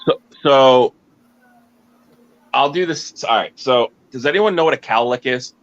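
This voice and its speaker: A man's voice: medium pitch, measured pace, fairly bright tone. A father tells playful, hesitant stories about his kids in a casual chat. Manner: playful, hesitant storytelling with fillers. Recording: dull lo-fi audio.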